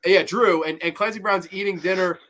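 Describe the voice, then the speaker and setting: A man hosts a casual horror podcast with a high, ringing voice. He talks in an animated way, swears freely, and laughs as he retells scenes. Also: fairly quick. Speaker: podcast host. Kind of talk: casual horror movie review chat.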